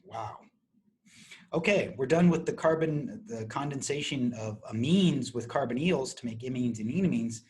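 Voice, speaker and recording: A middle-aged man lecturing on chemistry to a university class. He explains step by step, restarting phrases and clearing his throat often. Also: mid-range voice, normal speed, few pauses, a little hiss or hum. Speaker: chemistry professor.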